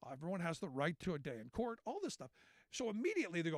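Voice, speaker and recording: A man with a high-set voice hosts a talk radio show and rants about the news. He is sarcastic and animated, and his voice sounds close and dry on a studio mic. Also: racing, no room sound. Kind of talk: political commentary monologue.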